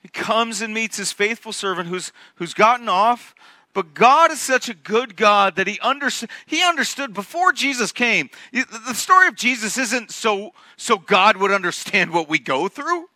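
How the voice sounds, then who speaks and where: A man preaching a sermon who speaks emphatically and swings from hushed whispers to near-shouts. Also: sits high, animated, normal speed, dry recording. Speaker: pastor.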